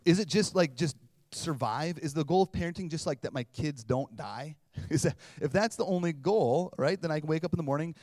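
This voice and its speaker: A man's voice: a little high, brisk, dry recording, studio quality. Chatty man preaching a sermon. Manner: conversational, animated, acts out voices. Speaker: pastor. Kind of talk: casual sermon.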